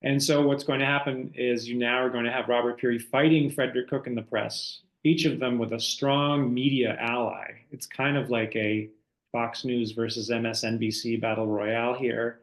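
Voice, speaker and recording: A man's voice: mid-range voice, level tone, normal speed, roomy sound, poor audio. A man, an author, giving a conversational online book talk, telling history as a story with frequent fillers.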